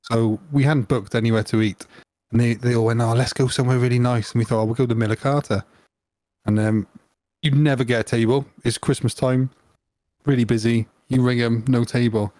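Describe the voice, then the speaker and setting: A man's voice: medium pitch, fairly even intonation, a little fast, a little mellow, dry recording, studio quality. A man, co-hosting a podcast with teasing jokes and casual banter. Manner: joking, teasing interjections. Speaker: podcast co-host.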